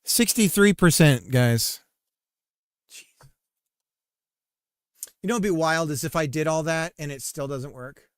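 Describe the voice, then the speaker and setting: A man's voice: fairly high pitch, slow pace, long pauses, clean tone, no echo, studio quality. A man game developer livestreaming, chatting casually while coding, rambling and self-mocking with frequent laughs.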